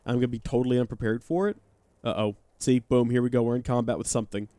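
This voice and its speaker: A man's voice: medium pitch, steady tone, fast, mellow, no echo. A man chatting and joking while playing a game live, talking to his viewers. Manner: chatty, joking, reads chat aloud. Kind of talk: live let's-play commentary.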